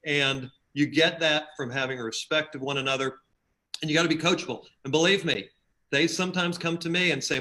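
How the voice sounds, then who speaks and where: A man's voice: a little high, normal speed. A man guesting on a podcast, chatting casually and telling stories with acted-out quotes. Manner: storytelling, acts out quotes in animated voices. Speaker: podcast guest, team leader. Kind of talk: casual chat.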